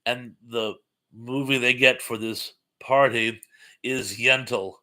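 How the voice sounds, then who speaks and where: Speaking slowly in a mid-range voice that sounds pushed and bright, a man runs an off-the-cuff live stream. He chats casually and rambles as he reads out comments from viewers, dropping frequent ums and uhs.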